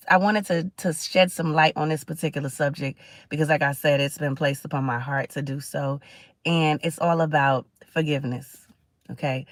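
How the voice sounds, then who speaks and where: A chatty middle-aged woman hosts her livestream, speaking in a fairly low voice. She talks in a preachy, conversational way and greets viewers as she goes. The sound is dry and close, with no room echo. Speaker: livestream host. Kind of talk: casual livestream talk.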